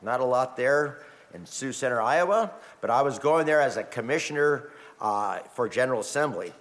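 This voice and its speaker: Animated male pastor preaching in reverberant church. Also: mid-range voice, normal speed. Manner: animated storytelling with emphatic rises. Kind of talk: sermon with scripture reading. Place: church sanctuary.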